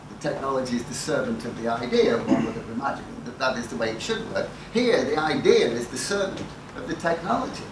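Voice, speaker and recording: A man's voice: medium pitch, lively intonation, fairly quick, few pauses. Profane, wry older man in an echoey hall. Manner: dry, profane, self-mocking storytelling. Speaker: conference speaker. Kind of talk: anecdotal talk to a live audience. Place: lecture hall with audience. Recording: echoey hall, mic at a distance, noisy.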